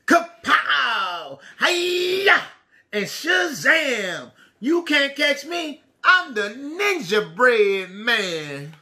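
A man voicing a boastful young ninja gingerbread man who shouts martial-arts cries in a storybook reading. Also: very high-pitched, very animated, extremely slow, heavily acted. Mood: cocky, shouting.

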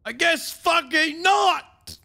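Man doing a shrill, bright-voiced drill commander, profane, shouting every line in game role-play. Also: slow, creaky, heavily acted. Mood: furious yelling. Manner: yelling over comms, cursing, ends calls with "over". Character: bellowing foul-mouthed male squad commander. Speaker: streamer.

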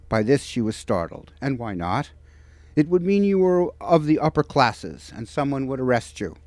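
A novelist reading from his book at a bookstore event, in a measured, expressive manner. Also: medium pitch, dry recording.

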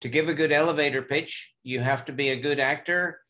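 A man moderating an online session, briskly reading out audience questions and keeping time. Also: on the high side, steady tone, pushed and bright. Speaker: webinar moderator.

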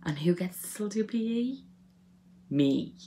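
A woman's voice: medium pitch, expressive, measured pace, mellow, slight background noise. A young woman chatting to camera, telling funny childhood stories with lots of fillers and laughter. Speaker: vlogger. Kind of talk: casual storytelling to camera.

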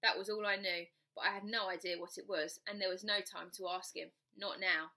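A woman's voice: mid-range voice, fairly even intonation, fairly quick, bright, forceful tone. A woman reading a children's storybook aloud, narrating in the first person with expression. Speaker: storybook reader.

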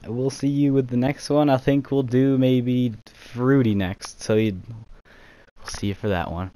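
Speaking a little slowly in a mellow, mid-range voice with a steady tone, this YouTube gaming host chats casually and does impressions. He keeps laughing at himself and leans heavily on "you know."

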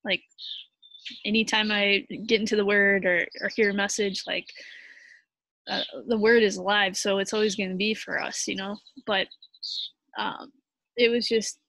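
A young woman telling a personal story in a halting, heartfelt way, full of fillers and restarts, sounding tired. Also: mid-range voice, flat delivery, fairly bright tone, dry recording. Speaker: vlogger.

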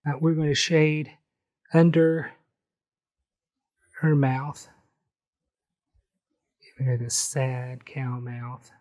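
A man calmly talking through a step-by-step painting tutorial, explaining each brushstroke as he goes. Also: medium pitch. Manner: friendly, unhurried, explains each brushstroke as he works. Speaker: painting instructor.

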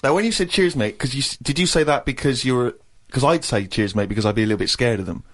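A man's voice: mid-range voice, expressive, fast, a bit bright. A man in his thirties, co-hosting a radio podcast and telling a comic anecdote, acting out other people's lines. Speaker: co-host.

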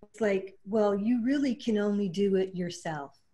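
A woman quilt artist talking in a panel discussion over a video call, earnest and halting, getting emotional as she speaks. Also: medium pitch, warm tone.

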